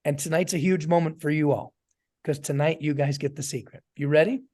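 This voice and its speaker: A man in his forties, a network marketing trainer, tells stories and speaks straight to his group in an animated way over a video call. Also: a little high, brisk. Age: 40s. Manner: animated storyteller, addresses listeners directly. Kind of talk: motivational storytelling talk to a group.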